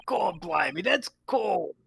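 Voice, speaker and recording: A woman's voice: fairly low pitch, lively intonation, slow, vocal fry, a bit bright, slightly rough, voice pushed up, full character voice. A woman voicing a tall, sneaky male crook with a put-on Cockney accent, playful and exaggerated. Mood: gruff swagger.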